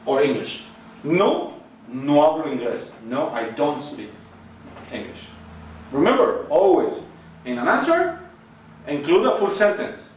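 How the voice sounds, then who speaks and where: A man's voice: a little high, a little hiss or hum. A man teaching a lesson, coaxing his students with questions and checking that they follow. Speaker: Spanish teacher. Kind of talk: recorded online lesson. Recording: very echoey room, mic at a distance.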